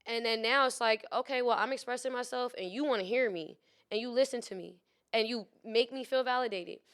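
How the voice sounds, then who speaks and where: A woman's voice: fairly high pitch, a little fast, fairly bright tone, smooth. A woman guest in a candid casual chat, talking frankly and expressively and swearing freely. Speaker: podcast guest.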